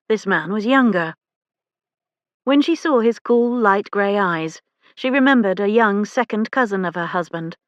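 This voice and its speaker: A woman reading a historical romance novel aloud as an audiobook narrator, in a measured, even storytelling manner. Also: mid-range voice, no echo, muffled recording. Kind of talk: scripted narration.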